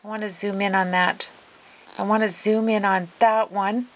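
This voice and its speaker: A woman hosting a casual craft video, gushing and excitable as she talks viewers through her work. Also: medium pitch, normal speed, low-quality recording. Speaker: craft vlogger.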